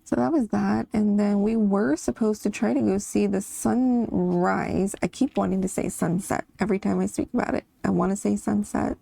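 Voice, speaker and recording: A woman's voice: mid-range voice, steady tone, moderate pace, gravelly, hardly any pauses, warm tone, husky, no room sound. A woman hosting a coloring channel, chatting casually and rambling about her family while she colors, laughing now and then.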